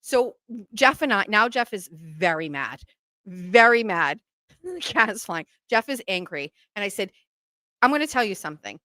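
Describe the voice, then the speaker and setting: Podcast host: New woman, bright, higher voice, animated storyteller who acts out the quotes, dry close mic. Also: moderate pace, no echo. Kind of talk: casual storytelling.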